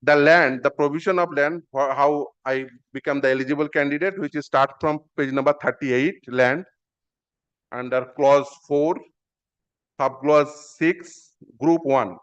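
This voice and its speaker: A man's voice: a little high, steady tone, measured pace, a bit bright, smooth. A man arguing his own petition in a courtroom, formal and deferential, repeating "my lord" often. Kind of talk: courtroom argument. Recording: muffled live-stream audio.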